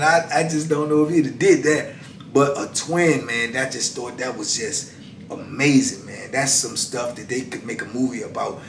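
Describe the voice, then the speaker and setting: A man in his fifties telling a story casually, drawn-out and animated, often dropping "man" and "you know.". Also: sits high, far from the mic. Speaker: channel host telling prison stories. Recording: echoey room, voice away from the mic, faint background noise.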